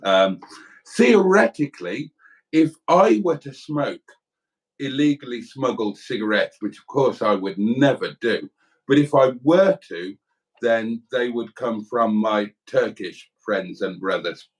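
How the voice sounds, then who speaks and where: A man's voice: on the low side, measured pace, low-quality recording. Crude, joking man co-hosting. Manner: crude, joking, rambling anecdotes. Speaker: livestream co-host. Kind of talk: casual banter.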